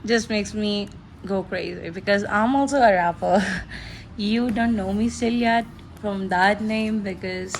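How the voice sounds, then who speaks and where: Slight background noise accompanies the mid-range voice of a teenage vlogger from Pakistan. She gushes her way through an unboxing in casual, giggly, excitable fan chatter.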